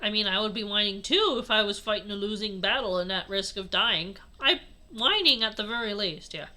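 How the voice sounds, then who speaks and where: A woman's voice: medium pitch, fairly quick, bright, forceful tone. Giggly woman reading with sarcastic asides. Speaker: reader. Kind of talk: reading a fanfic aloud with commentary.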